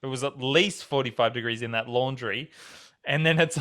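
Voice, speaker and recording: An Australian man in his thirties co-hosts a podcast, joking and telling animated stories in casual chat, swearing often and laughing. His voice is medium-pitched at normal speed.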